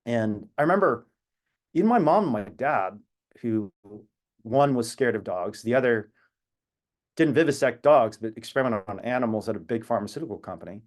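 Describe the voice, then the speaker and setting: A man talks earnestly over a video call, winding through a personal story with reflective tangents. His voice sits at an ordinary middle pitch, neither high nor low. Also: animated, moderate pace. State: emotional at times. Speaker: activist speaker.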